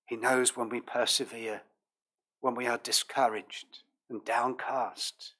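A man preaching a sermon as pastor, in a measured, earnest manner with old King James phrasing. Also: mid-range voice, little pitch movement, sharp tone.

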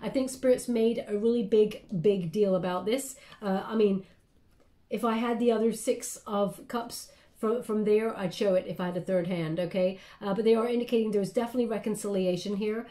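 A woman's voice: mid-range voice, moderate pace, dark tone. A woman giving a casual spoken tarot reading, chatty and meandering, often checking in with her listener. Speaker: tarot card reader. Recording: roomy echo.

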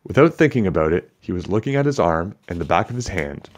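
A man reading a children's book aloud, narrating in a steady, even storytelling manner. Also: low-pitched, quick pace.

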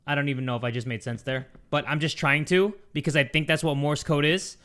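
A young man playing a horror video game, commenting as he goes, jumpy and swearing, letting out yelps and shouts when scared. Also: fairly high pitch, steady tone, fast, hardly any pauses. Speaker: gaming YouTuber. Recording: game music under the voice. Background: game music.

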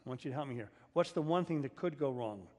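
A man's voice: medium pitch, animated, quick pace, darkish tone. Guy pastor preaching, jokey, keeps asking the room questions, big church echo. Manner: humorous, asks the congregation questions. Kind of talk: sermon. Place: church sanctuary. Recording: long reverb of a church hall.

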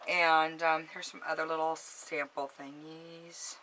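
Bubbly lady gushing over makeup to her webcam, bright punchy voice, bit of hiss. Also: low-pitched, level tone, measured pace, poor audio. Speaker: beauty vlogger. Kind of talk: casual haul chat to camera.

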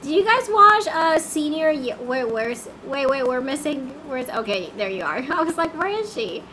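A woman's voice: sits high, very animated, normal speed, bright, forceful tone, slight background noise. A woman chatting casually on a game livestream, easily flustered and singing snatches of songs.

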